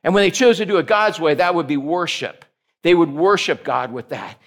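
A man's voice: a little high, moderate pace, a bit bright. A man preaching a casual, joking sermon to a small group, teasing listeners by name. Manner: jokey, teasing listeners by name, playful asides. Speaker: pastor.

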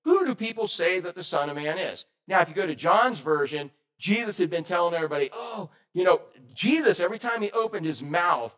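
High-voiced, animated preacher man. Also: brisk, few pauses. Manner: lively, animated preaching with acted quotes and audience questions. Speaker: pastor. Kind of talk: sermon.

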